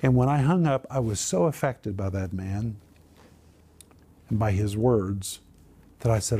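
A man, a Christian minister and author, telling a personal testimony as an earnest, animated storyteller. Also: fairly low pitch, slow pace, long pauses, slightly rough.

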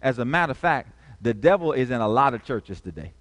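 A man's voice: mid-range voice, lively intonation, brisk, fairly bright tone, long reverb tail. A male pastor preaching a sermon, calling out questions to the congregation and repeating key phrases.

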